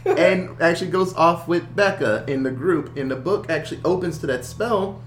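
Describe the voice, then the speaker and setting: A man's voice: fairly high pitch, moderate pace, echoey room, a little hiss or hum. A man casually recapping a movie, acting out quotes, laughing and swearing as he goes. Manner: animated storytelling with voiced quotes and swearing. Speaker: podcast co-host.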